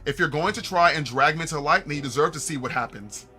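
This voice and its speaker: A young man plays through a story game on stream, reading lines aloud and cracking jokes to his chat. His voice is very bright and a little high. Faint music plays under his talk. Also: fast. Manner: animated, laughing, reads game dialogue aloud and jokes to chat. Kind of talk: casual let's-play commentary.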